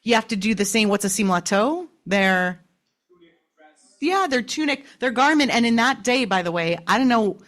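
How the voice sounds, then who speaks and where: A woman's voice: fairly high pitch, animated, moderate pace, fairly bright tone. Woman rabbi teaching a class. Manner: conversational, asks the group questions. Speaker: rabbi-cantor teaching a text study. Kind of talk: Torah study class. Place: synagogue study room.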